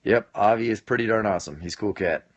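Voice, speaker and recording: Joking man in his late twenties, low voice. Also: fast talker, no room sound. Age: late 20s. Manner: joking, laughs often, scattered with fillers. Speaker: live-stream host answering viewer comments. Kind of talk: casual live-stream chat. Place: home basement.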